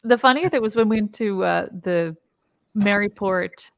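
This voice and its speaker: A woman's voice: medium pitch, moderate pace, creaky, no echo. A woman from New York chatting casually and recounting a story. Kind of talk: casual chat.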